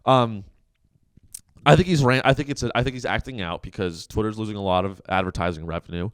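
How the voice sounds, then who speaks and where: A man's voice: on the low side, fairly quick, smooth, no room sound, clean studio sound. A man hosting a podcast, delivering a rambling, profane, sarcastic comedic monologue from a coworking office. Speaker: podcast host.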